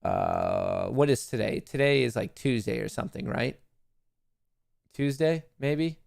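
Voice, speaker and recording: Male live-stream host with a gravelly voice and a dry, close sound, rambling through market commentary with jokes. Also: medium pitch, very animated, a little slow, a little mellow, dry recording. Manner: joking, rambling, self-mocking.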